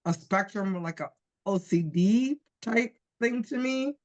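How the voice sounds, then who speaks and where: A woman's voice: mid-range voice, lively intonation, slow, darkish tone, muffled recording. A woman hosting a podcast, asking an interview question tentatively and searching for her words. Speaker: podcast host.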